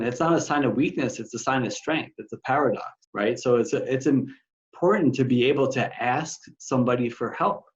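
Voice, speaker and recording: Earnest male podcast host, slightly dull audio. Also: mid-range voice. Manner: earnest, encouraging. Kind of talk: casual interview talk.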